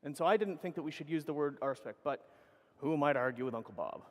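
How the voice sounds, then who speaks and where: A middle-aged man gives a casual, profane, rambling talk on stage in a large conference hall, correcting himself as he goes. His voice is a little high and quick, and the recording is reverberant from the hall.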